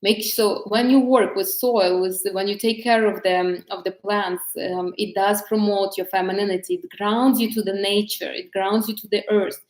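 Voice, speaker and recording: A woman's voice: medium pitch, fairly even intonation, moderate pace, hardly any pauses, reverberant, poor audio. A woman coaching viewers on femininity in a casual talk to camera, hesitant, with many fillers and restarts.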